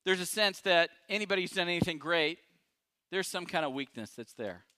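A male pastor preaching a sermon, emphatic and dramatic, swinging from loud declarations to hushed asides. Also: sits high, lively intonation, fairly quick, clear, resonant tone, no echo, studio quality.

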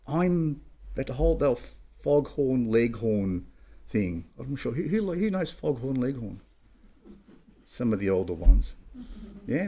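Animated man preaching a sermon. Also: medium pitch. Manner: conversational preaching, asks and answers his own questions; reads scripture aloud in King James wording. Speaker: pastor.

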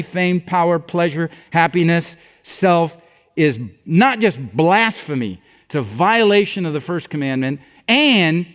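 An older man preaching a sermon as a pastor, telling stories and acting out the dialogue with animation. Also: a little high. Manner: animated storytelling that acts out dialogue. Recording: long reverb of a large hall.

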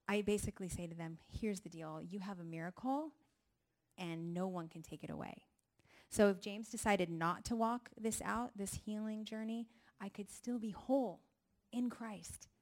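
Middle-aged woman, testimony speaker, animated storyteller who acts out voices. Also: mid-range voice. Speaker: speaker at a ministry gathering. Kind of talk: personal testimony talk.

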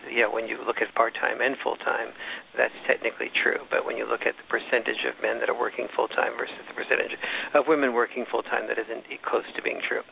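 A man's voice: medium pitch, vocal fry, slight background noise. A man as an interview guest, explaining things at length in a discursive, casual way with frequent restarts. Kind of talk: casual storytelling in conversation. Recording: dull, slightly lo-fi recording.

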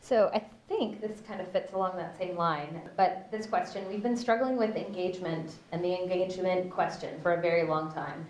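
A woman moderating a panel, asking her questions in a measured, deliberate way. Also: on the low side, darkish tone. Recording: echoey room, distant mic, faint ambience.

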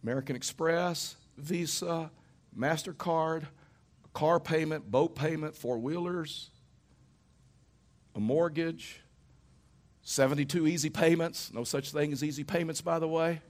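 A man's voice: fairly high pitch, fairly even intonation, unhurried, long pauses. A middle-aged man preaching a sermon in a church, telling stories in a conversational way and tossing rhetorical questions to the congregation. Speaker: pastor.

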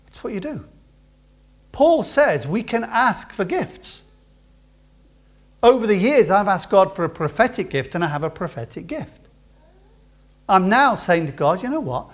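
A man preaching a sermon to his congregation, building to loud emphatic peaks and then dropping to quiet asides. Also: high voice, sing-song, a little slow, long pauses. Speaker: pastor. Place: church.

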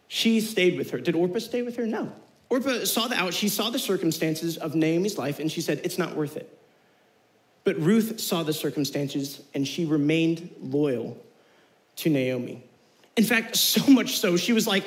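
A young man giving a casual, slangy youth sermon, animated as he retells the story. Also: high voice, moderate pace, low-quality recording. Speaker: youth pastor.

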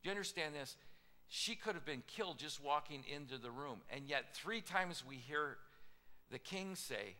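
A man preaching a sermon, retelling a scripture story with casual asides and lively voiced quotes. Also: a little high, normal speed, big-room sound. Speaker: pastor.

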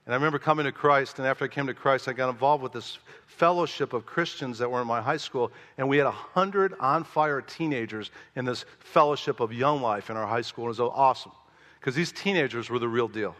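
Animated, bright-voiced male pastor preaching. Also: mid-range voice, a little fast, big-room sound. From Chicago. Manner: animated storytelling, acting out his own thoughts with rising emphasis. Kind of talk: sermon.

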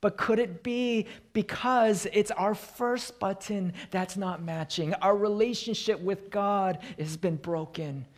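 A male pastor delivers a sermon at an unhurried pace. He tells illustrative stories and sinks into a quiet tone for emphasis. His voice sits a little high for a man.

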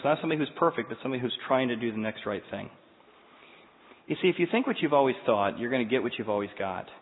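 A man preaching a sermon, telling a story with lively voices and acted-out scenes. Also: mid-range voice, in a large hall, phone-quality sound. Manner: animated storyteller acting out scenes. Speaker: pastor.

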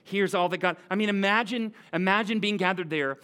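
A man preaching a sermon as a pastor, animated and conversational, often checking in with his listeners. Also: high voice, a little fast. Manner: animated, conversational, asks the room "right?".

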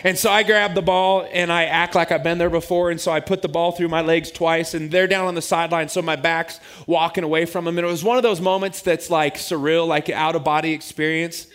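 Animated, self-mocking male pastor. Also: fairly high pitch, fairly quick, hardly any pauses, clean tone. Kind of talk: humorous sermon storytelling.

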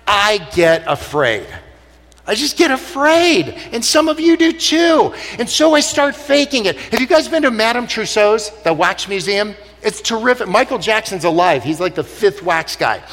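A middle-aged man with a very high voice gives a lively, joke-filled talk to a church crowd. He drops to near-hushed lines, then bursts into loud punchlines. His bright tone rings out with the long reverb of a big hall. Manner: animated, jokey, swings from quiet to loud. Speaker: speaker.

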